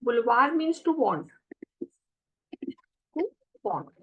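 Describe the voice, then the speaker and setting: A woman with a high voice teaches a French lesson. She explains each step patiently, saying French phrases slowly and then translating them. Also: sing-song, slightly rough, highs cut off. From India. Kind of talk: classroom explanation.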